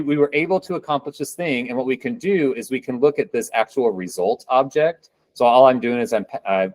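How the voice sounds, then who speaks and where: A man's voice: mid-range voice, darkish tone, dry recording, low-quality recording. A man presenting a live coding demo at a meetup, talking casually with upbeat, joking asides.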